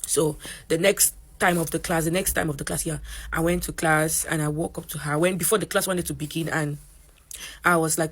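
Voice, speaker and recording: Young african woman ranting to camera, lively, jumps way up in pitch when she quotes people. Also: brisk, creaky, slightly rough. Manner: animated, voices quotes in a higher pitch. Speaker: college student. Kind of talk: storytime rant to camera.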